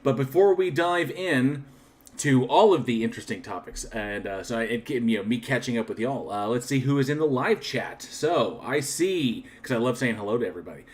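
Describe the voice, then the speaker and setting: A man's voice: medium pitch, expressive, moderate pace. A man hosting a livestream, chatting casually and thanking viewers one by one, with frequent restarts and a candid, reflective manner. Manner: reflective and candid about his channel. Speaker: livestream host. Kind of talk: casual live-chat shoutouts.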